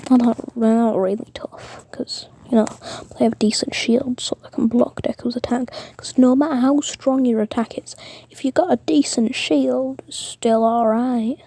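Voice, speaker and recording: A woman's voice: on the high side, fairly even intonation, moderate pace, warm tone, slight background noise. A woman whispering a rambling fan-fiction story, with many fillers and self-corrections. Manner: mostly whispered.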